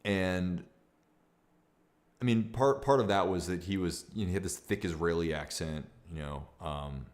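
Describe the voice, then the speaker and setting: A man's voice: deep voice, moderate pace. A young man streaming casually, talking in a rambling, candid way with many restarts and fillers. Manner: reads viewer comments aloud. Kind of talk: casual livestream talk.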